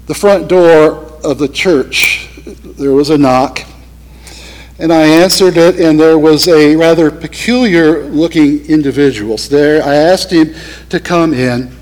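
A male pastor telling a story in a sermon, earnest and slowing down for emphasis. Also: fairly high pitch, low-quality recording.

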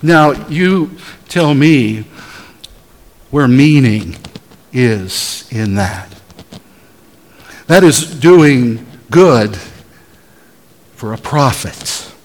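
A man preaching a sermon as a pastor, telling stories in a deliberate way and having the congregation answer back. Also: mid-range voice, animated, in a large hall, rough recording. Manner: deliberate, storytelling preacher who has the audience answer back.

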